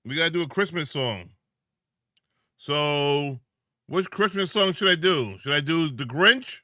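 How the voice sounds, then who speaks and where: Sleepy male streamer, slow lively delivery, bright dry voice. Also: a little high, no echo. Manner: chatty, greets viewers by name, drawn-out words. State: sleepy, yawning. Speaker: live streamer. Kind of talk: casual live-stream chat.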